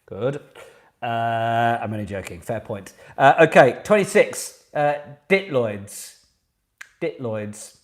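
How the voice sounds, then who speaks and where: A man hosts a relaxed online pub quiz from home, speaking at a medium pitch. He chats and mocks himself with jokey asides between questions. His voice comes through a home computer mic on a video call. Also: slow pace. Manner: chatty, self-mocking, jokey asides. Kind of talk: casual online quiz hosting.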